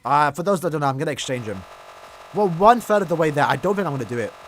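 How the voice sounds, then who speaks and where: Lively young male game streamer. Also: a little high, fast talker, slight background noise. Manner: chatty, restarts words, laughs easily. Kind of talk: casual live-stream chat.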